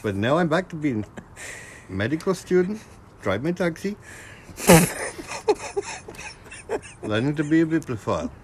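A man's voice: on the high side, big pitch swings, a little fast, darkish tone, slight background noise, voice pushed up. A man putting on a cheerful, eager man with an Indian accent and a chirpy, repetitive, sing-song manner. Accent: Indian, put on.

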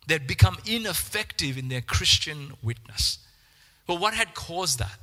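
A man preaching a sermon, animated, repeating words and acting out the voices he quotes. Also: a little high, measured pace, long reverb tail.

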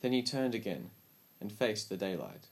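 A man reading a story aloud as an audiobook narrator, with calm, measured storytelling. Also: on the low side, gravelly.

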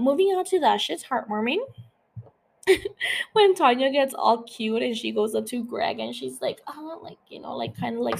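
Chatty woman podcaster with gravelly voice. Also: a little high, darkish tone. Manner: chatty, fillers, swears freely. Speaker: podcast host. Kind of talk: casual TV recap chat.

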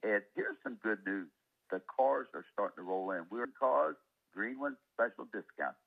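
Husky car salesman on a phone line. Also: fairly low pitch, animated, moderate pace. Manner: folksy salesman chatter, rambling jokes. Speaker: car dealer calling in. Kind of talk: casual call-in banter.

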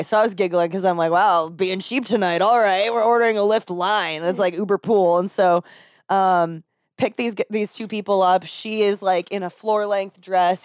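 A woman's voice: medium pitch, clear, resonant tone, dry recording, studio quality. A young woman, a rideshare driver, telling a story in casual chat and acting out the people in it. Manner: animated, acts out quoted voices with laughter.

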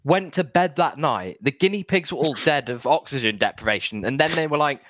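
A man's voice: fairly high pitch, animated, brisk, fairly bright tone, no echo. A man co-hosting a comedy podcast, telling things in a dry, wry way in casual chat. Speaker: podcast co-host.

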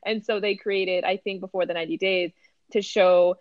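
A young adult woman co-hosting a casual chat podcast, chatty and quick with asides, laughing often. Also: lowish voice, fairly even intonation, no room sound, lo-fi sound. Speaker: podcast co-host.

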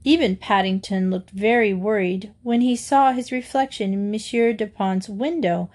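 A woman reading a children's storybook aloud in a gentle, steady storytelling manner. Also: medium pitch. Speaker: storybook reader.

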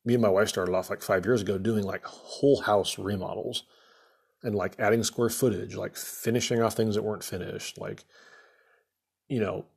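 Casual male contractor venting a rambling story, husky and a bit low. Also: steady tone, moderate pace. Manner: exasperated, rambling, many fillers. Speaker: remodeling contractor.

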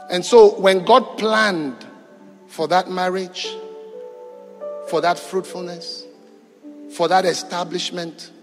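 A man preaching a sermon to a congregation, rising to loud calls and dropping to quiet, drawn-out phrases. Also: high-pitched. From East Africa. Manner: call-and-response preaching, shifting between loud and quiet. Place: church hall. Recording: echoey church hall with music behind.

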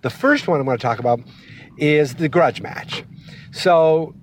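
Inside a moving car, a wrestling vlogger talks casually while driving, chatty and rambling and often going off on tangents. His voice is fairly high-pitched and a little slow, with slight background noise.

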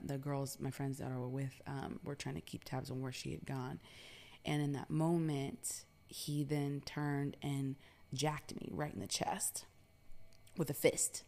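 Deep-voiced woman telling a story casually. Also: creaky, a little mellow. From New York. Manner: chatty, lots of filler "like", swears freely.

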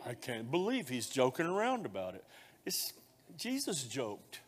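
A male pastor preaching a sermon, moving between loud fervent declarations and quiet, intimate speech, with a folksy, joking touch. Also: mid-range voice, wildly swooping pitch, measured pace, breathy edge. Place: church sanctuary. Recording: long hall reverb of a church.

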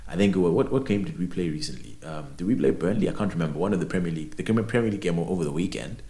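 A young man holds forth in a casual podcast chat, full of swearing and stumbling repeats. His voice sits low but leaps around with lively pitch. The room gives it a noticeable echo. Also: rapid-fire. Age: young adult. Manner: animated storyteller, swearing, many repeated words. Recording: roomy echo.

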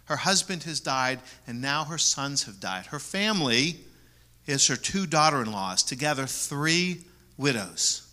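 A man preaching a sermon as pastor, repeating key words for emphasis and moving between loud stresses and soft asides. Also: medium pitch, big pitch swings, measured pace.

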